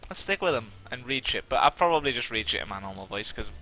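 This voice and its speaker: A man giving casual let's-play commentary, rambling and self-deprecating, with a somewhat monotone delivery and lots of fillers. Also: mid-range voice, fast talker.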